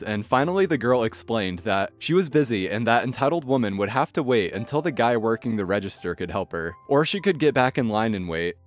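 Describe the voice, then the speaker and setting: Lively male story narrator. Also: mid-range voice. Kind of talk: scripted narration of online stories. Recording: faint background music. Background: faint music.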